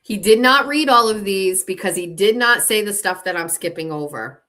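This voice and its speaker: A woman's voice: animated, moderate pace, sharp tone. A woman hosting her own show, talking bluntly and swearing, her voice rising as she gets indignant. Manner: blunt and swearing, pitch climbing when indignant. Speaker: host. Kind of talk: casual monologue reading text messages aloud.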